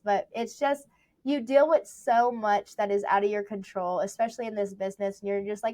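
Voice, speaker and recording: A young woman, a real estate agent, telling stories in a casual interview, chatty and animated with lots of fillers. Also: medium pitch, fairly quick. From Texas. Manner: chatty, animated storytelling with many "like"s.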